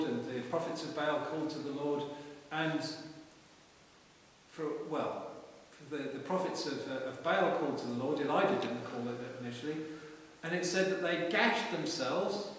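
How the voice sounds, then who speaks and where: A man preaching a relaxed, conversational sermon in a parish church, retelling stories informally with frequent restarts. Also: fairly high pitch. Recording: echoey church hall from far off with hiss.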